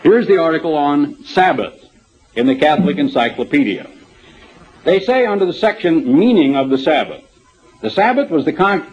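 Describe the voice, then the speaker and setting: Husky-voiced man preaching conversationally. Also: fairly high pitch, sing-song, normal speed, darkish tone. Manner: conversational, with asides and rhetorical questions. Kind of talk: sermon with Bible reading. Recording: dull lo-fi sermon tape.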